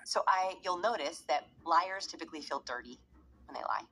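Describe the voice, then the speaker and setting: A woman's voice: fairly low pitch, normal speed, a bit bright, slight background noise, low-quality recording. A woman researching behavior, explaining her findings in an interview and acting out examples as she goes. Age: adult parent. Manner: demonstrates examples by acting out voices.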